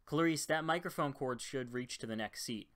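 A man voicing a middle-aged airline captain who speaks in a measured, matter-of-fact way. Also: mid-range voice, fairly bright tone, clean tone, voice pushed up, close to an everyday voice. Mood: firm.

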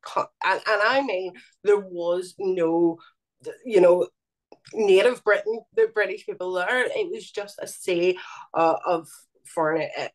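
A woman with a Belfast accent, speaking earnestly as an interview guest and often stopping to restart her sentences. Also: lowish voice. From Northern Ireland. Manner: earnest, halting with fillers and restarts. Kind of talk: interview conversation.

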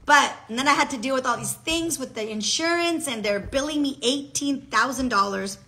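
A woman talking casually to her viewers in a personal vlog, chatty and expressive, often checking in with "okay?". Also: high voice, normal speed, heavy background noise. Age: adult with a child. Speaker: vlogger.

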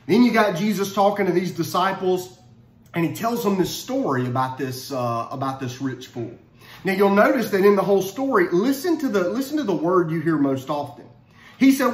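A man giving a casual Bible study talk, conversational and animated, often restarting his phrases. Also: high-pitched, moderate pace. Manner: conversational, repeats words when restarting, animated. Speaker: Bible teacher. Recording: roomy echo.

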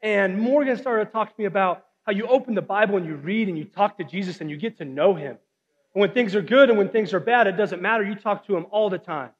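A man's voice: high-pitched, quick pace, breathy edge. A young man in his twenties giving an earnest guest sermon testimony, telling stories with casual "like" fillers. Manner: earnest storytelling, frequent "like" fillers. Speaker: guest speaker. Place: church hall. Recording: dull sound with long hall reverb.

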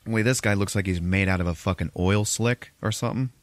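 Talking fast in a lowish voice with no echo, a podcast host runs through a film's plot. He is loose and foul-mouthed, drifting as he goes and acting out what the characters say.

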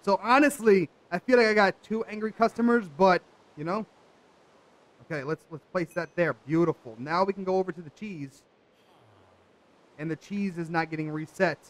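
A man's voice: high voice, a little fast, poor audio. A young man hosting a gaming video, chatting casually to viewers with jokey asides as he plays. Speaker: gaming channel host. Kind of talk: casual let's play commentary.

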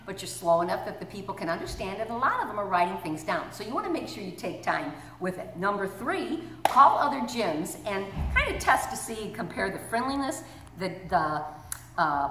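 Perky woman, middle-aged, lively pitch, echoey room, distant mic, faint background hum. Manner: perky, animated, acts out phone greetings. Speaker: gym business coach. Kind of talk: instructional talk to camera.

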